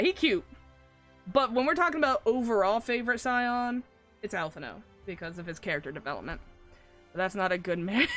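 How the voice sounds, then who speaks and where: Faint game music accompanies a woman streamer who chats casually and animatedly, swearing and laughing often. Her voice is on the high side with a fairly bright tone.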